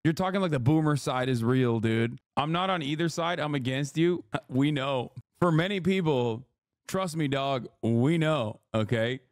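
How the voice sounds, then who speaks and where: A man's voice: medium pitch, moderate pace, dry recording, studio quality. A man streaming live, reacting to a video and ranting at his chat in a mocking, profane, casual way.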